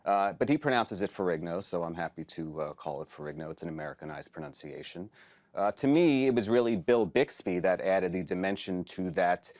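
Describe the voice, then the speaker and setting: A man speaking in a measured, pedantic, formal way, deadpan in casual on-camera chat. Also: low voice. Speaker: comedy show staff member.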